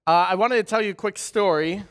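A man's voice: high-pitched, fairly quick, fairly bright tone. A man in his thirties from southern Wisconsin with a light Wisconsin accent, giving a friendly, humorous church talk with personal stories. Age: 30s. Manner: friendly, humorous, chatty storytelling. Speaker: guest speaker at a church. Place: church sanctuary.

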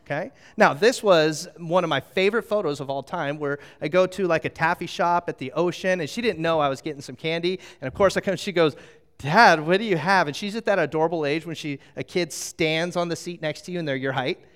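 A middle-aged man preaching with a fairly high voice. He tells stories with plenty of energy and draws his congregation in with questions. He speaks into a handheld microphone. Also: brisk, few pauses. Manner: animated storytelling with audience interaction. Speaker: pastor. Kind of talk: sermon.

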